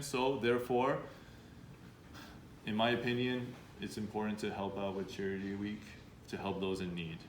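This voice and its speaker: A man's voice: fairly low pitch, level tone, normal speed, long pauses. Guy running a student workshop, upbeat, keeps asking the crowd stuff, echoey room w some noise. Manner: upbeat, coaxing audience with questions. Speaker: workshop speaker. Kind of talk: interactive workshop talk.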